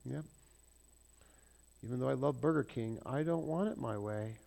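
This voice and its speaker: Pastor, male, mid-pitched voice, preaching with lively swings between loud and soft, quizzes the congregation. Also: moderate pace, vocal fry. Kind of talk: sermon.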